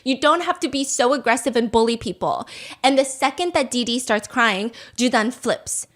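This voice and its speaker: A woman hosting a podcast, recapping reality TV drama in a casual, animated way, acting out what people said and often saying "like". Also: a little high, moderate pace. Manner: animated, acts out quotes, frequent "like" fillers. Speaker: podcast host. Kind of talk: casual storytelling chat.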